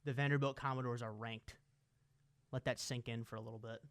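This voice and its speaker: Smooth-voiced man talking football picks. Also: mid-range voice, a little fast. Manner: emphatic, playful, excitable. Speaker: podcast co-host. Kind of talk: casual sports chat.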